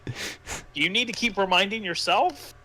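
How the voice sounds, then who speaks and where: A man's voice: high-pitched, animated, a little slow, pushed and bright. Sarcastic profane man reviewing a story. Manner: mocking, profane, exasperated. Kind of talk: sarcastic commentary and reading.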